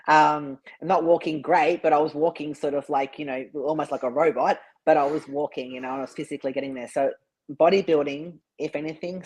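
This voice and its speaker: A woman's voice: low voice, a little mellow, rough recording. A woman bodybuilder, a guest in an interview, telling her story earnestly and restarting her sentences often. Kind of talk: casual interview chat.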